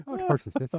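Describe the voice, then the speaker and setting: A man's voice: darkish tone, no room sound, close to an everyday voice. A man putting on a playful Irish accent as a joking Irishman. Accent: put-on Irish. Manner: hammy, playful.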